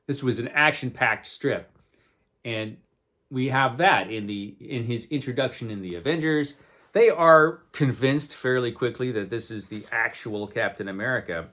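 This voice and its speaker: A man's voice: medium pitch, normal speed, sharp tone. A man giving a casual, conversational comic book review, full of wry asides.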